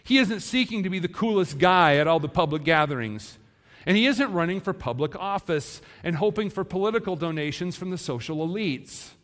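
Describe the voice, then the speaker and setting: A man preaching a sermon in a church, animated and acting out the disciples' words. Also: fairly high pitch. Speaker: pastor. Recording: long hall reverb.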